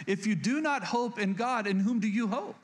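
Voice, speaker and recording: A pastor preaching a sermon, earnest and repeating key lines for emphasis, with frequent restarts. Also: male voice, sits high, normal speed.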